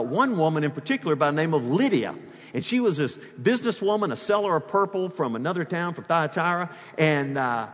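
A man preaching a sermon as pastor, telling the story in an animated way with humor and asides. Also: fairly high pitch, big-room sound.

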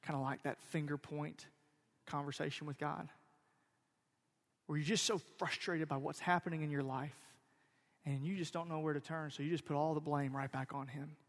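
A man preaching a sermon as pastor, animated, swinging from loud emphasis to quiet intensity. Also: on the high side, normal speed. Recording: long hall reverb.

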